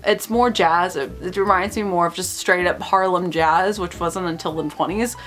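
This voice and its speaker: A woman's voice: fairly low pitch, steady tone, normal speed, a bit bright, faint music behind. A woman hosting a casual film review vlog, opinionated and nitpicking, often laughing between points.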